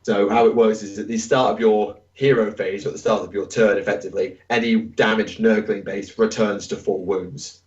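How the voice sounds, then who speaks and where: A man's voice: fairly low pitch, steady tone, normal speed, a little mellow, distant mic, lo-fi sound. A man co-hosting a casual gaming podcast, reading listener questions and rambling through answers with plenty of hesitations. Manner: rambling and hesitant, with many fillers.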